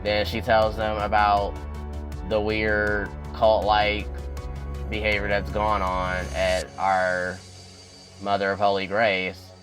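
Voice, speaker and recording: A young man casually recapping a TV episode, addressing viewers directly and getting animated as he goes. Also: takes it slowly, soft background music. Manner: animated, addresses viewers as y'all, swings up in pitch when excited. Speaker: YouTube recap host.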